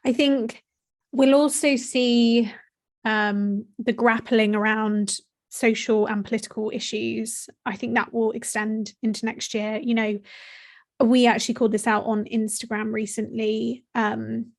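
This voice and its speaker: Out-of-breath woman co-host, higher voice with vocal fry, eager and agreeable. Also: flat delivery. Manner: enthusiastic, quick to agree and build on points. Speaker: podcast co-host. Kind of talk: casual discussion.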